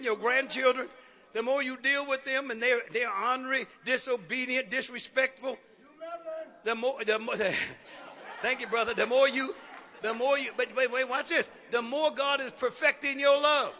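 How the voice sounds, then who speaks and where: Man, preacher, sermon, very high pitch, piercing bright tone, rising to shouts.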